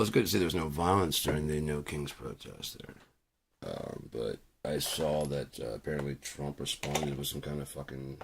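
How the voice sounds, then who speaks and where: Over some background noise, a man with a rumbling low, gravelly voice streams as a music producer. His casual chat wanders, full of profanity and fillers.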